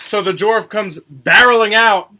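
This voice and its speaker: A man's voice: sits high, sharp tone, slight background noise. A man running a tabletop game as dungeon master, narrating the action and laughing often. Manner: laughs often, quick rulings.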